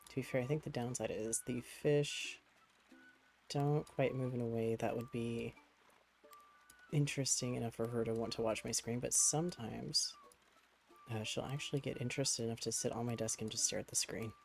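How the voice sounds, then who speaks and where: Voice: mid-range voice, fairly even intonation, moderate pace, creaky, poor audio. A streamer chatting casually while playing a game at a home desk, cooing to a pet cat between musing remarks.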